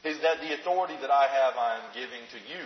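A man's voice: medium pitch, fast talker. A man preaching a sermon in a conversational way, asking rhetorical questions and acting out the story as he retells it. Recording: echoey hall, dull lo-fi sound.

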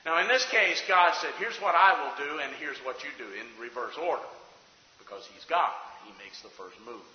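Impassioned preacher in an echoey hall. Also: male voice, medium pitch, animated, normal speed. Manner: impassioned, swings from loud to hushed. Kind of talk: sermon. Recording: echoey hall, dull sound.

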